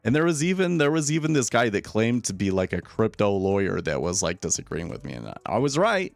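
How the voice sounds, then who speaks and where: Gravelly-voiced man giving trading commentary. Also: fairly low pitch, brisk, soft background music. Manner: casual, opinionated, repeats words when starting sentences. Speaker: day trader streaming live.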